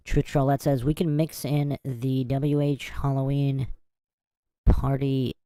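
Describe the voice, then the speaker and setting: A woman hosting a podcast, reading passages aloud and stopping often for incredulous asides. Her voice sits low and sounds mellow and dark. The recording is dry, with no room sound. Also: little pitch movement, takes it slowly, smooth, no room sound. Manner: reads passages and breaks off to react with incredulous asides. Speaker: podcast host. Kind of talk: casual commentary and reading aloud.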